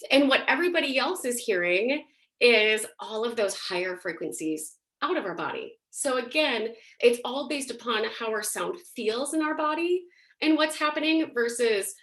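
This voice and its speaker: A woman's voice: on the high side, a bit bright. A woman teaching a singing and voice workshop in a casual, chatty way, often using fillers. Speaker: singing and voice instructor.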